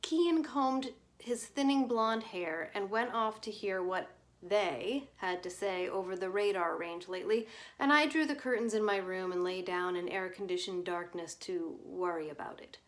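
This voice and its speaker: A woman reads a short story aloud as scripted narration. Her delivery is measured and subdued. Her voice sits at an ordinary middle pitch for a woman. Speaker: reader.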